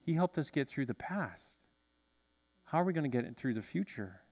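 A male pastor preaching a sermon in a church, animated and drawing responses from the congregation. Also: medium pitch, normal speed, in a large hall. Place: church sanctuary.

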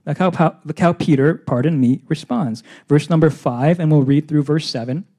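High-voiced emphatic male preacher. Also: normal speed, mellow. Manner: emphatic, repeats phrases in lists. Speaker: pastor. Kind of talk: verse-by-verse sermon.

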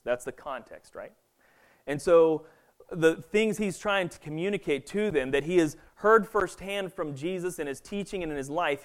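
Casual man preaching, slightly high voice. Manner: conversational, filler-heavy, keeps asking "right?". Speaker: pastor. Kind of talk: casual sermon.

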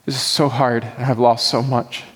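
Earnest pastor preaching in a reverberant hall. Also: male voice, mid-range voice, little pitch movement, normal speed, breathy edge. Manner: earnest, pleading prayerful delivery. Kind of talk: sermon. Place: church sanctuary.

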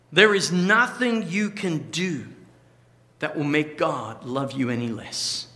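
Male pastor, sermon, high bright voice, emphatic, slows for stress, church hall with long reverb. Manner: emphatic, varied delivery with slow stressed phrases.

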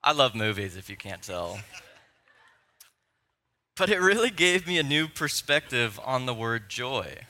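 Brief: male pastor preaching in church, bright tone, playful, geeky, excitable. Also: medium pitch, unhurried, long pauses. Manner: playful, excitable, self-deprecating, nerdy enthusiasm. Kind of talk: sermon. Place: church sanctuary.

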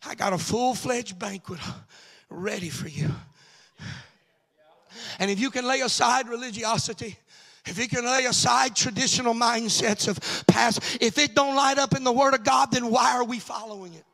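A man with a Cajun accent preaching a sermon, moving from quiet asides up to shouted, sing-song lines. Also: very high-pitched, steady tone, fairly quick, gravelly.

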